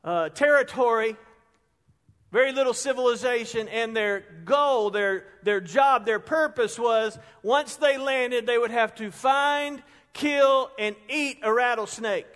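High-voiced preacher in a reverberant hall. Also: male voice, unhurried. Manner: conversational, builds stories to loud peaks. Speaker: pastor. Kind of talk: storytelling sermon. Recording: long reverb of a large hall.

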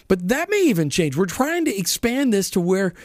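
A man's voice: high-pitched, very animated, moderate pace, no room sound, studio quality. A man hosting a faith-based radio talk show, chatting casually and enthusiastically with frequent restarts. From Florida. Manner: enthusiastic, folksy, restarts often.

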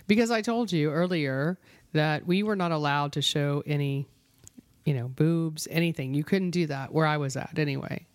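A woman co-hosting a radio show, chatting casually on air and telling stories in an emphatic, animated way. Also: sits low, normal speed, no room sound.

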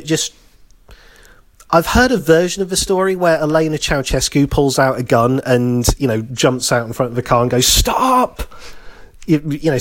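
Casual man telling a story. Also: mid-range voice. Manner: conversational, repeats phrases, acts out quoted lines. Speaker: podcast co-host telling a history story.

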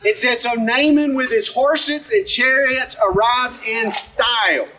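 Man, pastor, conversational preaching, sharp bright tone, distant mic. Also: very high-pitched, slow pace, slight background noise. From Alabama. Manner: conversational, asks the congregation questions. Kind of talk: sermon.

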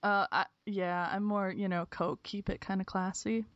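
A woman with a Minnesotan accent hosts a podcast, joking and laughing freely in casual banter. Her voice sits at a medium pitch. The call audio is dry and somewhat dull. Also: steady tone, normal speed, fairly bright tone, no room sound. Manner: giggly, laughs often. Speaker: podcast host. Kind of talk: casual chat.

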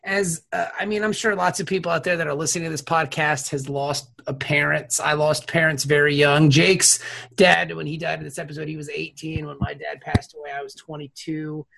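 Gravelly, husky man on a podcast. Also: on the high side, steady tone, fairly quick, sharp tone. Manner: profane, emotional storytelling. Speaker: podcast host. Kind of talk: casual podcast chat.

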